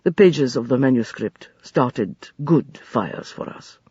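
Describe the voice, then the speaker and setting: A man voicing a grave, gentle desert traveler who speaks slowly and solemnly in an audiobook. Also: medium pitch, lively intonation, husky, no room sound, dull audio, pitched below the performer's own voice, full character voice. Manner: slow and solemn, soft-spoken. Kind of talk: audiobook character voice.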